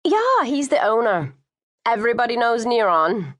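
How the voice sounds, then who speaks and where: A woman voicing a brash, cheerful young woman born in Australia and raised in London, with a high, loud, chatty manner. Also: very animated, normal speed. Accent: Australian-London mix put on.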